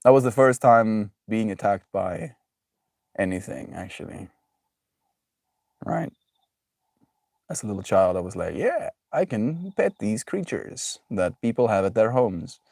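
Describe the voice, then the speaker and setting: A man's voice: fairly low pitch, big pitch swings, measured pace, vocal fry, long pauses, a little mellow, dry recording. Joking young man streaming, dry sound. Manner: reads chat aloud, laughs often, jokey. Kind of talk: casual live-stream chat.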